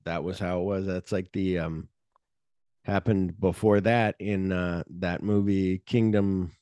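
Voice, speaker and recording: Animated man retelling movie scenes. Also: unhurried, clear, resonant tone, dry recording. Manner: animated retelling, jumps into high-pitched quoted voices. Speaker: podcast co-host. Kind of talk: casual movie discussion.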